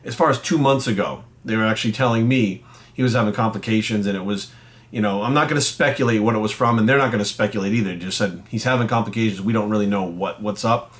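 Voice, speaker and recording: Speaking quickly in a lowish, slightly bright voice, this man, a bodybuilding coach who vlogs, delivers a heated rant to camera. He's blunt and furious, with heavy swearing and mounting anger.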